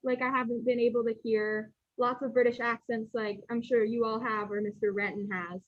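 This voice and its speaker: High-voiced American woman, chatty, lo-fi. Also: level tone, brisk, no echo. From United States. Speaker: student. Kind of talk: casual video call chat. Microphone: video call. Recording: lo-fi video call audio.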